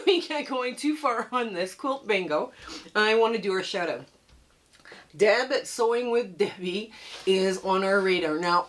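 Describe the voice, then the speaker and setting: Chatty older Canadian woman, coughing. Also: medium pitch. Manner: chatty and upbeat, laughs often, frequent "right?". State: coughing, under the weather. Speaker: quilting channel host. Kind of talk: casual tutorial chat to camera.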